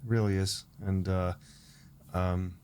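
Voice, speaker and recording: A man with a lowish voice, co-hosting a casual podcast. He speaks haltingly, with lots of "uh" and "um". Faint background noise is underneath. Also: flat delivery, mellow. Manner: halting, with many fillers. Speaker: podcast co-host.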